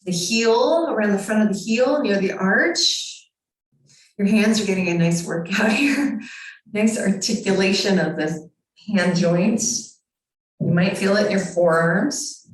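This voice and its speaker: A woman's voice: mid-range voice, measured pace. Echoey, distant woman guiding yoga. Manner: calm, encouraging step-by-step cues. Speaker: yoga teacher. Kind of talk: guided yoga instruction. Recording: very echoey room, far from mic.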